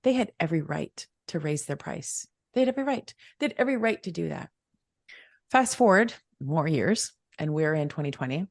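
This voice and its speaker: A woman's voice: deep voice, expressive, a little fast, dry recording, clean studio sound. A middle-aged woman, a wealth mentor, telling a personal story as a podcast guest, emphatic and repetitive as she acts out the dialogue.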